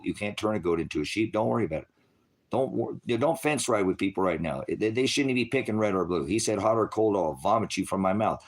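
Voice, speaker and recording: Very deep-voiced man preaching a rant. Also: fast talker. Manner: confrontational, profane, scolding. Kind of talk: unscripted sermon rant.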